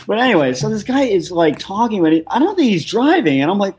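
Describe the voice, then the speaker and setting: A podcast co-host from Ohio telling a story in casual chat, animated and swearing freely. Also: medium pitch, fast, a little hiss or hum. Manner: animated, swears, acts out quotes.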